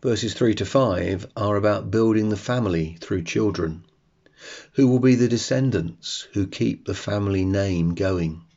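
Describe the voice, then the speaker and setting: A man hosting a devotional podcast, reading and reflecting on a psalm in a slow, measured way. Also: lowish voice, darkish tone, muffled recording. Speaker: podcast host.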